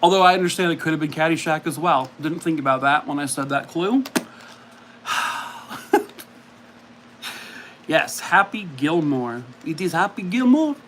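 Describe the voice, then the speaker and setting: A man's voice: on the high side, normal speed, bright, forceful tone, slight background noise. A man hosting a casual livestream, chatting and mocking himself as he reacts to viewer comments. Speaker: livestream host.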